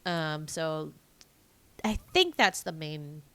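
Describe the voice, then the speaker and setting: Gravelly, low-pitched woman podcaster. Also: animated, slow, a bit bright, no echo. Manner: hesitant, searches for words. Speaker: podcast co-host. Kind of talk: casual film-review chat.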